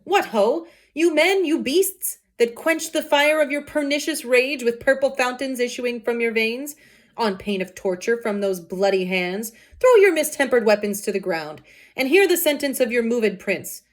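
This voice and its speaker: A woman reading the lines of an angry male prince in a loud, slow, proclaiming way. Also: on the high side, expressive, natural voice. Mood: stern. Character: stern commanding male prince, furious ruler.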